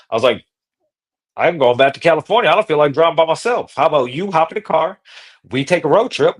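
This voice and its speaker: A man hosting a podcast, telling a road-trip story in casual, profane, slangy talk that gets animated. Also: a little high. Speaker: podcast host.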